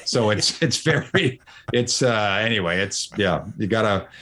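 A man's voice: on the low side, lively intonation, measured pace, pushed and bright, slight background noise. A middle-aged man, a sportscaster guest, talking earnestly and at length in a casual conversation, often restarting his phrases.

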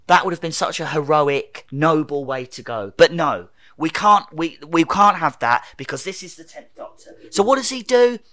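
A man's voice: on the high side, lively intonation, moderate pace, few pauses, bright, forceful tone, no room sound. A young man ranting in casual chat, swearing freely and acting out quotes.

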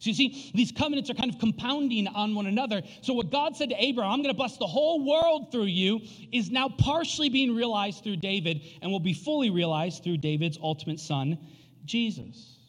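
High-voiced animated pastor in a hall. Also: male voice, brisk. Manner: animated storytelling with frequent fillers. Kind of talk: sermon. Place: church sanctuary. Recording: long reverb of a church hall.

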